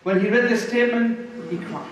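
A man giving a Friday sermon as preacher, impassioned, slowing words for emphasis and reciting verses quickly. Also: very high voice, a little hiss or hum. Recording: echoey hall from far off.

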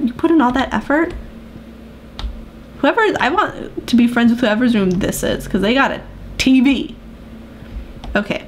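Animated high-voiced woman gamer. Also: slight background noise. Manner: playful, gasping, chatty. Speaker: gaming video host. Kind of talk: let's play commentary.

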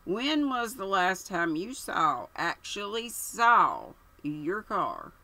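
A woman's voice: medium pitch, very animated, slow, sharp tone, full character voice. A woman voicing a curt, impatient older police colonel who speaks sharply, reading an audiobook.

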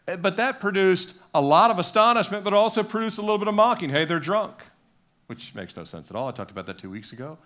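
A man's voice: high-pitched, very animated, quick pace, hardly any pauses, fairly bright tone. A middle-aged male pastor preaching a sermon in a church, talking conversationally with repetition and acted-out quotes. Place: church sanctuary.

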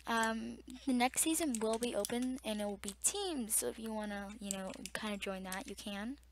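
A young woman giving casual gameplay commentary to viewers, chatty and easily startled, recorded at a desktop mic beside a loud keyboard. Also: on the high side, moderate pace, background noise. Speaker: gamer. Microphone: desktop mic near loud keyboard.

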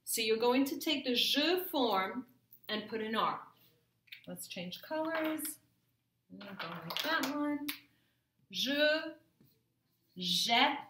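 A woman's voice: a little high, expressive, slow, pauses often, background noise. A woman teaching a French grammar lesson to her class, patiently checking in with "okay?" as she goes. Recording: echoey room.

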